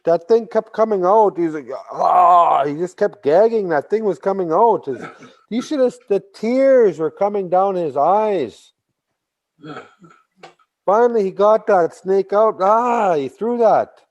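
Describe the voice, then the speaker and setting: A man telling a traditional story in a slow, deliberate way, with a mellow, dark voice. He repeats phrases and bursts into animated emphasis at key moments. The audio is slightly dull and lo-fi. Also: sits high. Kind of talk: oral storytelling.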